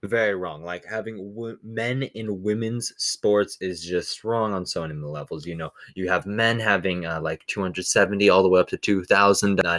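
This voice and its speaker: A man's voice: lowish voice, a bit bright. A man hosting a casual political commentary show, enthusiastic and peppering his talk with "all right". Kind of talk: casual commentary over clips.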